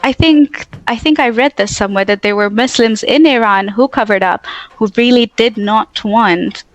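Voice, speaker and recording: A woman's voice: fairly high pitch, normal speed, low-quality recording. A woman guest in casual conversation, talking animatedly and slipping into quoted asides with "I'm like".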